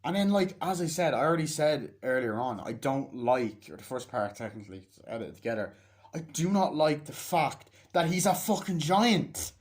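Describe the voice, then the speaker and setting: A man's voice: on the high side, very animated, normal speed. Profane rambling male movie reviewer. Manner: profane and rambling, acts out scenes in voices. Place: self-recorded on a battery-powered device.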